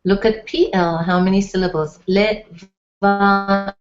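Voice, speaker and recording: Female teacher, lowish voice, unhurried, patient explainer; dull lo-fi recording. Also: a little mellow, faint music behind. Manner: patient, explains step by step with many fillers. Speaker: Hebrew teacher. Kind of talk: slow, careful language lesson.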